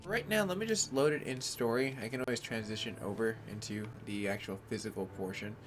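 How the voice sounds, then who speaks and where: A man's voice: on the low side, fairly quick, soft background music. A man streaming a video game live, chatting casually and greeting viewers by name in laid-back slang.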